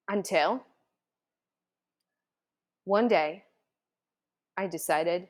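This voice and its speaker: A woman tells a personal story in a mid-pitched voice. She talks with earnest feeling, leans on casual fillers, and often restarts her sentences. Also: a little slow, fairly bright tone. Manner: emotional, earnest, many fillers. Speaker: host.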